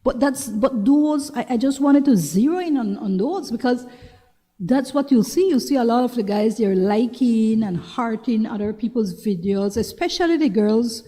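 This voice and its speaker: A woman's voice: on the high side, animated, moderate pace, mellow. A woman with a Belizean accent hosting a talk show, giving casual advice in a chatty way, often repeating herself and asking if you understand. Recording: long reverberant room sound.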